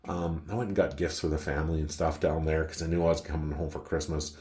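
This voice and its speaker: Brief: middle-aged Canadian man with a very low voice, chatty and profane storyteller. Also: level tone, quick pace, a little mellow. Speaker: vlogger. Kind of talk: rambling storytelling. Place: home wine cellar.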